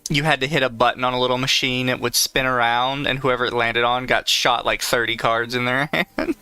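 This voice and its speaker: A man's voice: medium pitch, little pitch movement, a little fast, bright, forceful tone, clean tone, dry recording. A man co-hosting a podcast in casual chat, joking and laughing often over a remote call. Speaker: podcast co-host.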